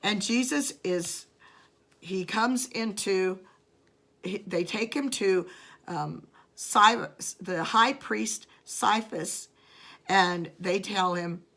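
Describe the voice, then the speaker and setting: A woman's voice: mid-range voice, extremely slow, fairly bright tone. A woman hosting a devotional video, retelling a scripture passage and preaching about it earnestly, with frequent restarts.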